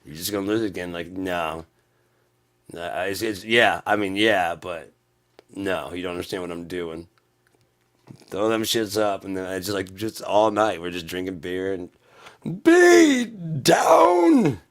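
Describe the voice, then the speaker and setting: Man, low-pitched, casual story, swearing, animated, acting out quotes. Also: measured pace. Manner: profane, animated, acts out quotes. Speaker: channel host.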